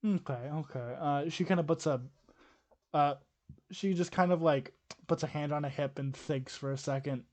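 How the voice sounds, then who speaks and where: Guy running a tabletop game, chill, swears a lot, voice a bit high. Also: moderate pace, darkish tone. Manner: casual, swears freely. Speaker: game master.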